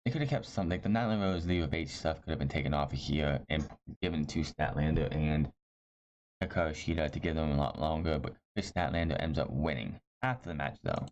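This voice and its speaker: Speaking a little fast in a very deep, darkish voice, a man offers a casual, opinionated take on a wrestling show. His recap is blunt and rambling, full of mid-sentence self-corrections, heard through slightly dull lo-fi audio with faint hiss.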